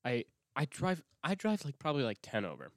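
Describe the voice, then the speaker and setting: A man's voice: mid-range voice, wildly swooping pitch, brisk, dry recording, studio quality. A young man hosting a podcast, talking in a rambling, profane, self-interrupting way with many restarts. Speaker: podcast host. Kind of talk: casual rambling monologue.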